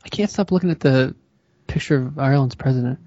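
A man's voice: medium pitch, quick pace, warm tone, dry recording, lo-fi sound. A man joking around with a giggly manner as a podcast panelist. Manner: giggly, goofy. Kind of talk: casual podcast banter.

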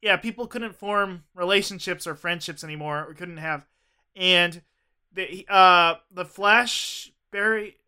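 Bright, high-pitched podcast guy. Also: measured pace, clear, resonant tone. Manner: laughs often, rambling banter. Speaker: podcast co-host. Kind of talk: casual chat.

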